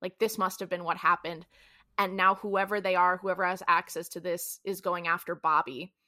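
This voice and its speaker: A woman's voice: on the low side, level tone, normal speed, sharp tone, no echo, studio quality. A woman co-hosting a podcast, casually recapping a TV episode and acting out the characters' lines. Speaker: podcast co-host.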